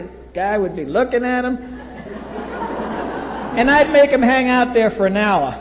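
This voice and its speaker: A man's voice: very high voice, lively intonation, measured pace, pauses often, a faint crowd, a little hiss or hum. A man, telling a blunt, wry personal story at a recovery meeting. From US East Coast. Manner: wry, blunt, acts out quoted voices. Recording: reverberant hall.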